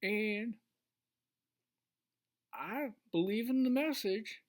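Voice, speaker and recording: A woman in a casual faith discussion, asking unhurried questions about belief. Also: medium pitch, very animated.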